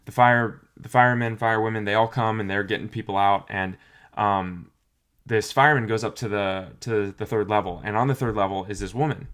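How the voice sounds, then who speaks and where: A man's voice: lowish voice, fairly even intonation, fairly quick, a bit bright. A young adult man giving an earnest, encouraging talk to camera, often repeating phrases for emphasis. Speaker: motivational vlogger.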